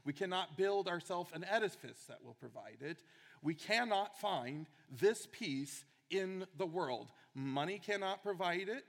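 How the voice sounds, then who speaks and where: A man's voice: sits high, lively intonation, unhurried, vocal fry, fairly bright tone, big-room sound. A man preaching a sermon, earnest and emphatic, repeating key phrases for weight.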